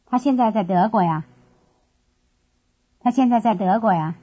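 A young female student answers questions about buses in slow, careful sentences, as a woman voices her. Her voice is a little husky. It comes through a dull, lo-fi course recording. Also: medium pitch, warm tone, lightly acted. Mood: answering. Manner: slow, careful drill delivery.

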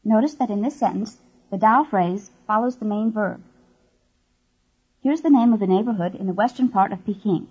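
Female course narrator, husky and mellow, measured scripted delivery, dull lo-fi tape. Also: medium pitch. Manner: clear, measured explaining.

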